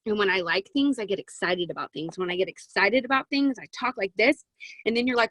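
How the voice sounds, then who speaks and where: A woman in her twenties giving a chatty, excitable motivational talk to a sales team over a video call from her closet, with plenty of "um" and "right?". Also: mid-range voice, fairly quick, no room sound, rough recording. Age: 20s. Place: home walk-in closet.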